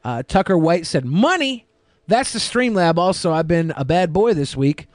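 A man's voice: a little high, expressive, moderate pace, a little mellow, no room sound, studio quality. A man co-hosting a casual livestream, reading viewer donations aloud in an offhand, joking way. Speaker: stream co-host.

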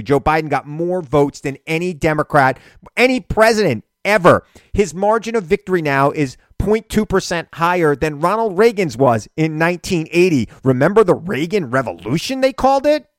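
A man hosting a radio talk show, delivering an animated political monologue with indignant emphasis. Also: a little high, fairly quick, no room sound, studio quality.

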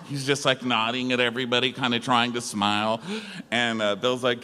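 A man's voice: mid-range voice, fairly even intonation, moderate pace, bright, forceful tone. A man co-hosting a live comedy recap show, telling the story with jokey quoted voices. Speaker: podcast co-host. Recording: live venue with long reverb.

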